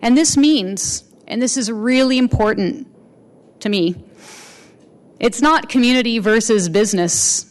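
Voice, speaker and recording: Woman mayor giving a speech, earnest and measured, smooth clear voice, pauses a lot between phrases. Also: fairly high pitch. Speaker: mayor giving an inaugural address. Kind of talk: formal public speech.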